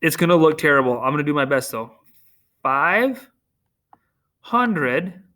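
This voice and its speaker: A man's voice: on the high side, sing-song, unhurried, sharp tone. A man teaching a recorded remote math lesson to children, upbeat, cracking corny jokes and teasing himself, talking through a screen share.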